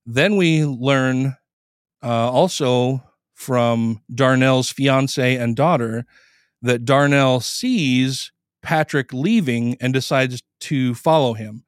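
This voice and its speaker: Smooth-voiced man casually retelling a story. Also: mid-range voice, slow pace, dry recording, studio quality. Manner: conversational, profane, acts out quoted lines. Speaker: podcast host. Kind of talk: casual retelling of a court case.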